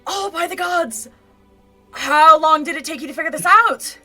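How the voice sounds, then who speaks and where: A woman voicing a young woman in loud, breathless amazement at magic. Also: extremely high pitch, normal speed, faint music behind. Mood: astonished.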